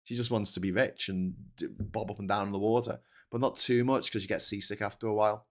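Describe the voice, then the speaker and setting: A man's voice: on the low side, steady tone, fast. A man hosting a livestream, reading viewer comments and ranting with heavy swearing and frequent laughter. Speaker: host. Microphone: desk microphone.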